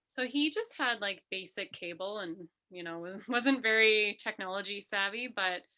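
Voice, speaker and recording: A woman being interviewed, telling a personal story in an animated way. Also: mid-range voice, moderate pace. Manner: animated, re-enacts quotes in a lively voice. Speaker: interview guest.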